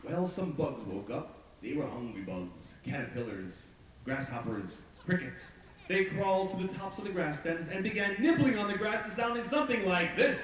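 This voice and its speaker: A man's voice: sits high, normal speed. A man telling a story to a live audience, leading them in call-and-response chants. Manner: lively, leads the crowd in chants and sound cues. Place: outdoor park stage. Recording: echoey live outdoor recording from far off, crowd and noise.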